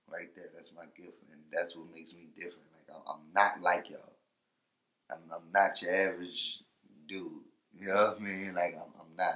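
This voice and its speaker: A man, a rapper, talking casually in an interview, loose and laid-back, leaning on "you know" and "for real", and getting loud when he is fired up. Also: deep voice, echoey room.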